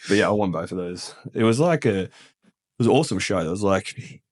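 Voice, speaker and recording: A deep, low-voiced Australian man, appearing as a podcast guest in a casual interview, swaps rough stories full of swearing. He's blunt, casual, expressive and brisk, with laughter breaking in.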